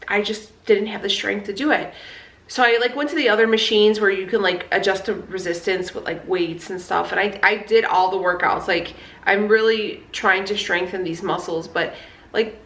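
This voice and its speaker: A woman's voice: medium pitch, a bit bright. Candid woman vlogger in an echoey room. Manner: candid and fired up, peppered with fillers and swearing. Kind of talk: casual chat.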